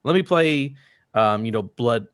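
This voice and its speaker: A man's voice: mid-range voice, lively intonation, unhurried, fairly bright tone, smooth, no room sound, studio quality. A man co-hosting a gaming podcast, rambling enthusiastically while a bit drunk. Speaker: podcast co-host. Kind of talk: casual chat.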